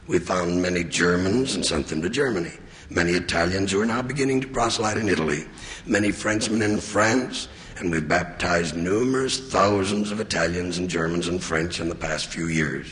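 A man giving an earnest, measured sermon as a church leader. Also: low-pitched, fairly bright tone. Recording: long reverb of a large hall.

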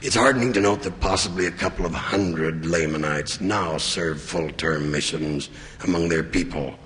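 A man giving an earnest, measured sermon as a church leader. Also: low-pitched, a bit bright, slight background noise. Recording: long reverb of a large hall.

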